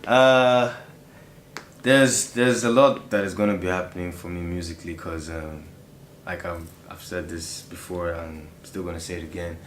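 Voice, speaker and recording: This young Nigerian interviewee, Nigerian accent evident, talks at normal speed in a low voice with fairly even intonation. Easygoing, he laughs often and says "you know" a lot, recorded with faint hiss and roomy echo.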